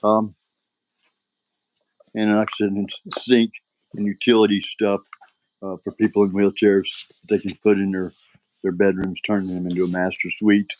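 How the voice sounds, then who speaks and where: A man's voice: on the low side, flat delivery, normal speed, pauses often, darkish tone, dry recording, low-quality recording. An older man talks casually to the camera in a rambling, frustrated way, often tossing in "all right". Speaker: vlogger.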